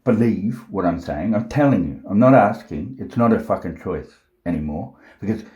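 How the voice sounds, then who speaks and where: A man talking slowly to camera at home, thinking aloud with many fillers and restarts, blunt and sometimes profane. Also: on the low side, lively intonation, darkish tone, echoey room. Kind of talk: unscripted monologue to camera.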